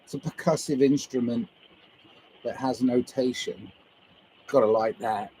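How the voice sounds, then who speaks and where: A man's voice: mid-range voice, steady tone, a little slow, pauses often, warm tone, a little hiss or hum, rough recording. A man livestreaming to viewers, musing his way through a loose, meandering monologue and swearing casually.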